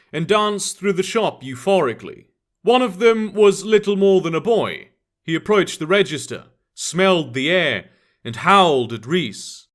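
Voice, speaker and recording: A man narrating an urban fantasy story in an expressive scripted reading. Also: fairly high pitch.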